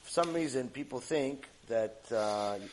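A middle-aged man teaching a mussar lecture, animated and rebuking, acting out mocking bits of dialogue. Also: medium pitch, a little slow, a little hiss or hum. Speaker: Torah teacher.

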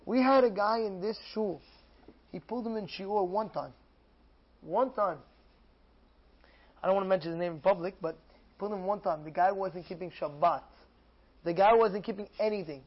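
Excitable high-voiced man giving a sermon. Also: husky, highs cut off. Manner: excitable, acts out dialogues, repeats phrases. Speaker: rabbi giving a Torah class. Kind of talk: animated sermon.

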